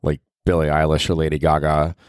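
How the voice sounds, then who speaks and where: A man's voice: a bass voice, monotone, brisk, smooth, dry recording, studio quality. A man hosting his own podcast, talking in a rambling, profane, self-mocking comedic monologue. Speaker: podcast host.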